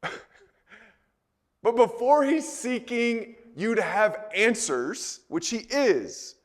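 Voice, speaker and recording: A man preaching a sermon in a conversational way, full of rhetorical questions, moving between soft and loud delivery. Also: very high-pitched. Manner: conversational, repeats words.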